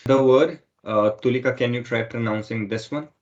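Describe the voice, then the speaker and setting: Male French tutor, mid-pitched, explains each point patiently and repeats himself, on a slightly dull recording. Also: normal speed, darkish tone. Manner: explains step by step, often repeating himself with "okay". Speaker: French teacher. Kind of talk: online language lesson.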